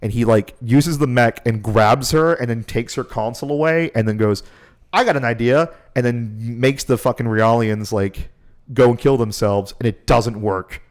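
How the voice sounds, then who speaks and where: A man co-hosts a podcast, rambling through a casual, profane recap of a game. He swears freely and breaks into laughter often. His voice sits at an ordinary middle pitch. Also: moderate pace. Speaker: podcast co-host.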